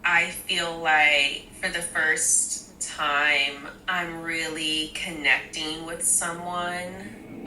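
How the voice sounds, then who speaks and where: A woman's voice: low voice, level tone, very slow, reverberant, music in the background, poor audio. A woman speaking in a confessional interview, emotional, hesitant and reflective. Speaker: reality show participant.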